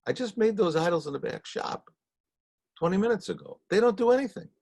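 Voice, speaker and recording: A man's voice: high-pitched, big pitch swings, a little fast, creaky, a little mellow, pitched above the performer's own voice, exaggerated voice. A man doing an exasperated idol-seller father. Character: exasperated father who sells idols.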